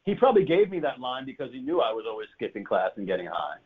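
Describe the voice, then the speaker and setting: A man's voice: mid-range voice, quick pace, breathy edge. Guy laughing his way through a crazy story, swears a lot, voice jumps all over, sounds like a phone call. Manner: animated, laughing, profane storytelling. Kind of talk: casual chat. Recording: tinny phone-like line.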